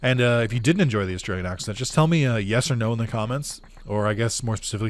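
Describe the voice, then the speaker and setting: Male gaming creator, low voice, loose rambling let's-play chatter. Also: racing, hardly any pauses, faint music behind. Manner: rambling, with lots of fillers and chuckles. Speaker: gaming YouTuber. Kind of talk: casual let's-play commentary.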